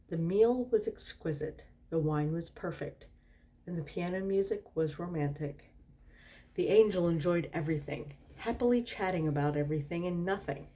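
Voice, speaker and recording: A woman's voice: on the low side, dark tone. A tipsy woman doing a storytime reading, giggling and breaking off with asides and laughter.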